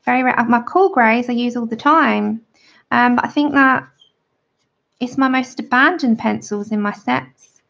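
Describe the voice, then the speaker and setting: A woman's voice: fairly high pitch, a little slow, creaky, a bit bright. A woman giving a chatty, friendly drawing tutorial on a livestream. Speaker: art tutor. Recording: dull lo-fi livestream audio.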